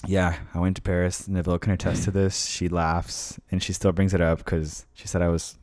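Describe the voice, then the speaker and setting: A man co-hosting a podcast in casual chat, an animated storyteller who swears casually. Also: low-pitched, normal speed, dry recording, studio quality. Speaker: podcast co-host.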